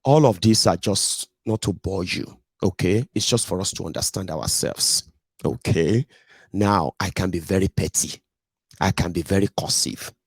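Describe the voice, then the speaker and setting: Brief: Nigerian-accented male podcast host, low-pitched and blunt, rambling and digressive, dry close sound. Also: normal speed, husky, no echo. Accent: Nigerian English. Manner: digressive, blunt, peppered with pidgin tag questions. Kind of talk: casual ranting monologue.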